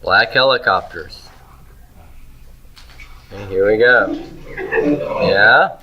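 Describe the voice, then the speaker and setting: Over crowd noise and lo-fi sound, a man with a fairly low voice speaks extremely slowly as he teaches a Hebrew grammar class. He writes on a board, answers his own questions to the students, and keeps checking in with "okay?" and "right?".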